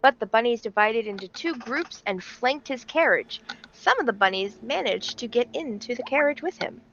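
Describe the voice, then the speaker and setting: A woman streamer telling a playful story in an animated, theatrical way. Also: on the high side, normal speed, lo-fi sound, a little hiss or hum. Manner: animated, theatrical, laughing often.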